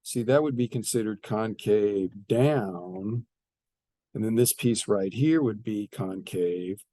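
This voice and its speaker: A man's voice: fairly low pitch, a little mellow, dry recording. A man teaching a math lesson, explaining step by step and often repeating his phrases. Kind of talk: classroom math lecture.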